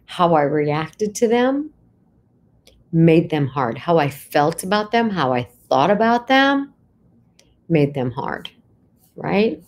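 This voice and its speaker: A woman's voice: low-pitched, sing-song, slow, pauses often. A middle-aged woman, a psychologist, talking reflectively to her audience in a conversational way, often checking in with "right?" and rising sharply for emphasis. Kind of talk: reflective talk to camera.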